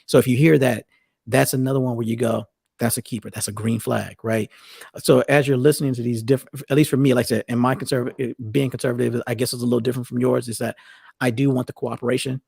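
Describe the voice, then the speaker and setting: A man's voice: medium pitch, flat delivery, quick pace, vocal fry, darkish tone, slightly rough, no echo, studio quality. A middle-aged man talking casually as a podcast co-host, rambling and restarting his sentences often. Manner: rambling, many restarts and self-corrections. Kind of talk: casual conversational talk.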